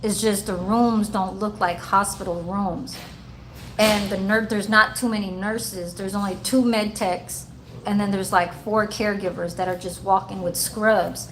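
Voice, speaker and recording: A woman's voice: mid-range voice, fairly even intonation, a little slow, slight background noise, low-quality recording. A woman who works in a care-home kitchen, chatting loosely and rambling, with plenty of cussing. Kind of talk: casual vlog chat.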